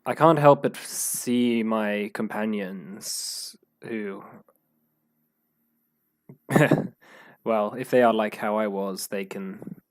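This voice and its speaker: Eston is a slight, quiet man, solemn and worn down, as played by a man in his own voice. His speech is measured and hesitant, sitting a little low in pitch, and it is recorded quite dry and close. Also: no echo.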